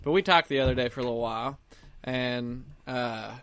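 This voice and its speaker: A man's voice: medium pitch, brisk, a bit bright. A young man co-hosting a podcast, telling rambling stories and laughing at his own jokes, recording from his camper. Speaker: podcast co-host. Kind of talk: casual chat.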